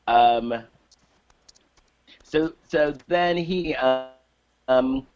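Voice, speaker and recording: A man's voice: mid-range voice, drawn-out words, a little mellow, lo-fi sound. A man co-hosting a casual podcast, recapping a movie plot with lots of fillers and restarts. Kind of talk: casual chat.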